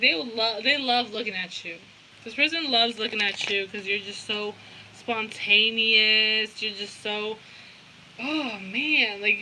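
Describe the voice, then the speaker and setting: A woman's voice: fairly high pitch, background noise. A young woman giving a casual tarot reading, blunt and profane, with lots of slang. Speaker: tarot reader.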